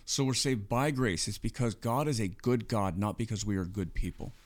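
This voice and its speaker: A lowish male voice at normal speed co-hosts a podcast about faith. His tone is casual yet earnest, and he explains things while repeatedly checking in with "right?"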